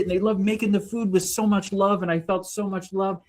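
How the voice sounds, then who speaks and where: A man co-hosting a livestream, telling spiritual stories in an animated way that swings between loud and soft. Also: high-pitched, a little fast. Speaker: livestream co-host. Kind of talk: spiritual casual chat.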